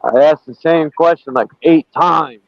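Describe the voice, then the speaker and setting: A man's voice: on the high side, measured pace, no room sound, dull audio. A man chatting in a group voice call, blunt and irritated, swearing often. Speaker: chat participant. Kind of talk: casual chat in a group call.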